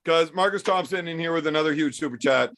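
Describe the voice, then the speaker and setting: High-voiced man trash-talking loudly. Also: fast talker. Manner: mocking, profane, loud. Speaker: co-host of a livestream. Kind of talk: rowdy trash-talking banter.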